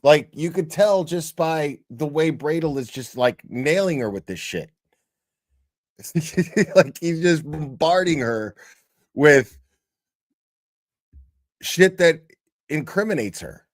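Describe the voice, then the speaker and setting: A man talks slowly and loosely, reacting to a court video and swearing freely. His voice sits a bit high for a man, and the sound is dry and close with no room around it. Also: lively intonation, no echo. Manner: blunt, swears a lot, rambling with many fillers. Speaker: commentary host. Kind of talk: casual profane reaction commentary.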